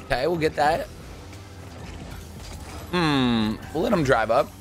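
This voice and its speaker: A young man gives running commentary over a match, his voice sitting a little high and swinging wildly up and down. He is excitable and jokey, breaking into shouts and laughs, with faint music playing behind him. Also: slow. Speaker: gaming YouTuber. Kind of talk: live gameplay commentary.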